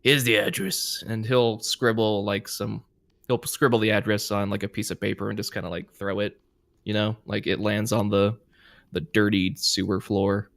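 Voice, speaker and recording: A man runs a tabletop role-playing game, narrating in a casual, hesitant way. His voice is low with a gravelly edge. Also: level tone, moderate pace, no echo. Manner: casual, hesitant, filler-heavy. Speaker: game master.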